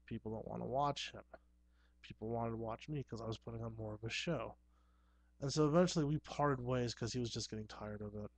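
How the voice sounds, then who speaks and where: A man's voice: mid-range voice, brisk, dry recording. Earnest man rambling on about his craft. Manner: earnest, self-assured, with repeated restarts. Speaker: clown performer. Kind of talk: rambling casual monologue.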